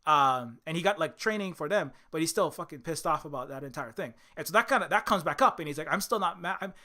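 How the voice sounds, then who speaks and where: High-voiced rambling man. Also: animated, fast, pushed and bright. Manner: rambling, full of restarts and fillers. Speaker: video commentator. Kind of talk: casual film commentary.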